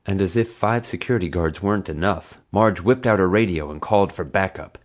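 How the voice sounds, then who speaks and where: A man's voice: low-pitched, a little fast. A man narrating a children's adventure audiobook in a dry storytelling manner. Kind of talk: scripted narration.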